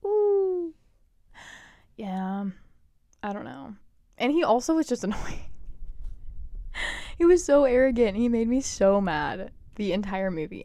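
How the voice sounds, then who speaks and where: A woman's voice: mid-range voice, darkish tone, no echo. A young woman hosting a podcast, chatting casually and gushing with lots of "like" and "oh my God". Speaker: podcast host. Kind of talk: casual chat.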